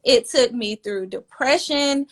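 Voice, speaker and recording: A woman speaking as a fertility coach in a casual podcast conversation, earnest and personal, growing animated when she quotes other people. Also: a little high, slow pace.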